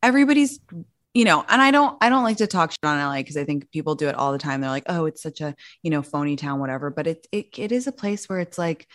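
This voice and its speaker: A young woman in casual conversation as a podcast co-host, chatty and full of fillers, often trailing off softly. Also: sits low, animated, fast, dry recording, clean studio sound. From grew up in London. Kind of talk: casual chat.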